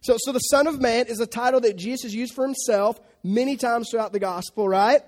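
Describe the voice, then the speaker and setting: A man's voice: very high-pitched, a little fast, a little mellow. A man preaching a sermon in a conversational way, asking the audience questions. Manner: acts out quotes in funny voices.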